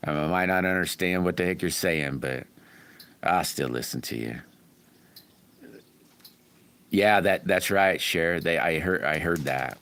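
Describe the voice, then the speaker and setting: Low-pitched, smooth and fairly bright, a middle-aged man talks at a moderate pace on a casual livestream. He goes through viewer comments and addresses people by name, chatty and rambling in a folksy way, chuckling frequently.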